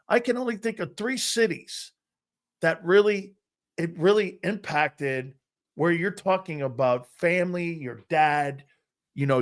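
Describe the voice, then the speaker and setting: A man's voice: a little high, a bit bright. Older man hosting a sports talk show. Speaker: host. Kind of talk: casual chat.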